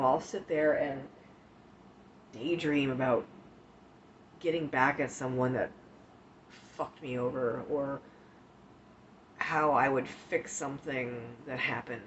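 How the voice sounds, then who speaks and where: A woman streams live and chats with her viewers in an unhurried, halting way, pausing often between thoughts. She speaks openly and gets tearful at times. The audio is muffled and low-fi, with a faint hiss underneath. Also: fairly even intonation. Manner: emotional, tearful and grateful; slow, halting with many pauses. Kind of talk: casual chat with viewers.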